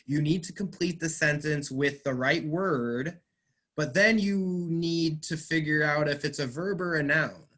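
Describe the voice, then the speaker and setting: A man teaching English, explaining slowly and patiently, stressing words. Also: on the high side, fairly bright tone. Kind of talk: online class teaching.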